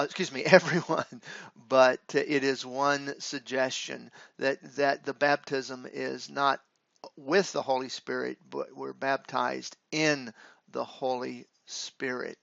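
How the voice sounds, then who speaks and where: A man teaching Greek grammar in a halting, deliberate way, with frequent filler pauses. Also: medium pitch, creaky, fairly bright tone, no echo. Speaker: Greek professor. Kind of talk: grammar lecture. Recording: dull lo-fi dry recording.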